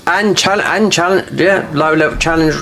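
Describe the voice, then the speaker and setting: A man with a South London accent talks loosely over his gameplay, drifting from one point to another with plenty of restarts. His voice sits at an ordinary pitch with a gravelly, fry-laden edge, and a faint hum of room noise stays under it. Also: normal speed, bright, forceful tone. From London, England. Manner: rambling, gossipy, full of restarts and "you know". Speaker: gaming streamer. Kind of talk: casual chat while playing a game.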